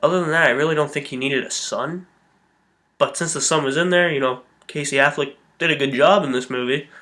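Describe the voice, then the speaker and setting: A man's voice: on the high side, brisk, sharp tone. A man giving a blunt, opinionated movie review in a casual manner, swearing now and then. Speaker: film reviewer.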